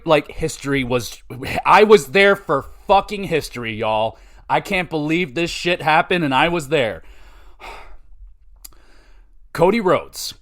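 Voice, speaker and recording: A male podcast host with a fairly high voice, swinging widely in pitch as he recounts what he saw. He talks casually, swears a lot and gets excited easily, then drops back to musing. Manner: excitable, profane, animated storytelling. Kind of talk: casual chat.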